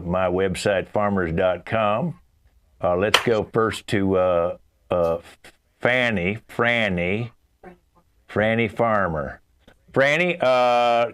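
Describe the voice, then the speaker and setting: A man's voice: lowish voice, a bit bright, clean tone, pitched above the performer's own voice. A man voicing a folksy male country dating-site host with a put-on rural Southern drawl, over a video call. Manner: drawling, slow, hearty.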